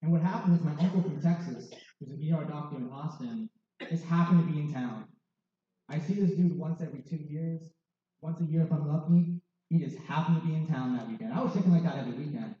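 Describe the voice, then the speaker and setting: A man's voice: a little high, quick pace. A young man in his twenties sharing a candid personal testimony with wry, self-mocking humor. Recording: distant, dull, very echoey hall.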